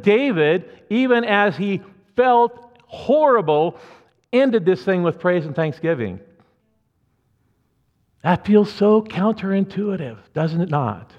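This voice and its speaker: Earnest male pastor in an echoey church. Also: high voice. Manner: conversational, earnest, frequent restarts and asides. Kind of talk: sermon. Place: church sanctuary. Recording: muffled church hall reverb.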